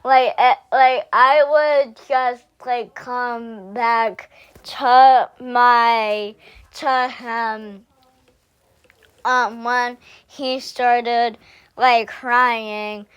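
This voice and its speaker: A young woman reacting in casual chat, slow and hesitant, with many fillers. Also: a little high, fairly even intonation, clean tone, muffled recording. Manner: slow, hesitant, keeps saying "oh my goodness". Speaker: co-host reacting to stories.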